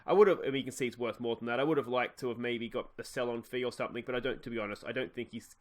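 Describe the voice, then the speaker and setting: A man's voice: mid-range voice, fairly even intonation, racing. An Australian man giving casual let's play commentary, chatty and thinking aloud with frequent fillers and self-corrections. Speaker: gaming YouTuber.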